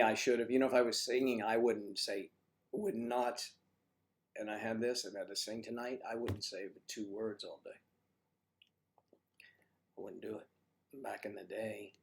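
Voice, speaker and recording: Husky older man with a cold. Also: lowish voice, a little mellow. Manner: rambling and joking, talks to chat. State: has a cold. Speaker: livestream host. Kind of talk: casual livestream chat.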